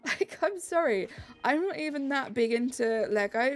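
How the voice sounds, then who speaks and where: A woman's voice: high-pitched, lively intonation, measured pace, soft background music. A young woman from England with a Southeast English accent, chatting upbeat with her live-stream chat while she plays.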